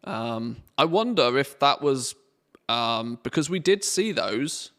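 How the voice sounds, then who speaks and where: A man streaming a game, chatting casually and thinking aloud in a relaxed, rambling way. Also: mid-range voice, slow pace. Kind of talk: casual live-stream commentary.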